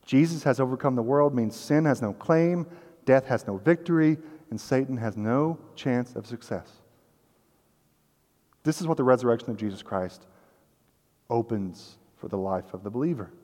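A man's voice: mid-range voice, normal speed, darkish tone. A man preaching a sermon as pastor of a church, earnest and conversational, sometimes acting out the voices in the story. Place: church sanctuary. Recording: long hall reverb.

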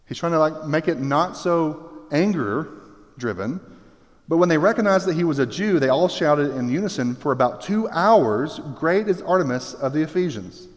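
A man preaching a sermon in an animated way, with jokey asides and acted-out voices. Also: fairly high pitch, moderate pace, big-room sound. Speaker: pastor.

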